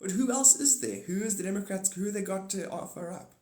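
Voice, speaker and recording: A man hosting a live stream, talking in a rambling monologue, animated and swinging between loud outbursts and muttered asides. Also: high-pitched, fairly quick, reverberant.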